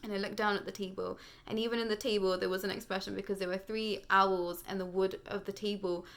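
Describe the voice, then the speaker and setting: A woman's voice: medium pitch, flat delivery, quick pace, fairly bright tone. A young British woman giving a rambling, earnest spiritual monologue on her channel, full of fillers and restarts.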